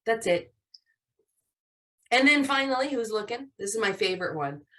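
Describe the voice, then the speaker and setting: A woman teaching a live online class to young children, animated and encouraging. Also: a little high, normal speed. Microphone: video call.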